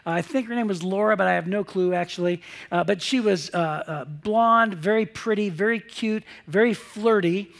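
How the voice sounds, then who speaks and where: A man's voice: high voice, moderate pace, gravelly, a bit bright. A middle-aged man preaching a sermon, chatty and storytelling, acting out the voices of people in his story. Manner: chatty storyteller, acts out quoted voices, many restarts. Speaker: pastor.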